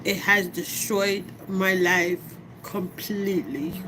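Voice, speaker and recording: A middle-aged woman speaks slowly and heavily to camera, her voice sitting a little low. She talks in a casual, heartfelt way and keeps asking if you follow her. A steady background noise hums under her. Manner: slow, heartfelt, conversational, often asks "you know what I mean". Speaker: vlogger. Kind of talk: personal vlog monologue.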